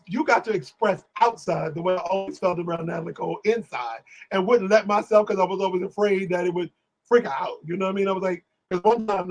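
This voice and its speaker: A man telling animated stories on a live stream, acting out the people he quotes. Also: high voice, muffled recording. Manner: lively, talks over himself, acts out quotes.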